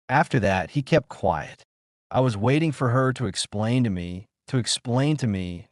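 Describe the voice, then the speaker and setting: A man's voice: medium pitch, animated, a little slow, no room sound, studio quality. A man narrating a suspenseful first-person story in a dramatic way, repeating phrases to build tension.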